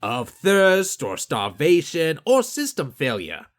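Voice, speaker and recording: Man playing officious middle-aged inspector, rule-bound, animated voice. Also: on the high side, takes it slowly, pitched above the performer's own voice, heavily acted.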